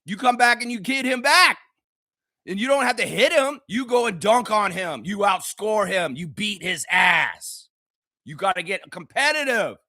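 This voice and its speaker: Guy going off on his team in a live reaction stream, high bright voice, swears a lot, dry close sound. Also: lively intonation, moderate pace, no echo. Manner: profane, heated ranting, mocks players directly. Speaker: sports reaction host. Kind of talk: live basketball reaction rant.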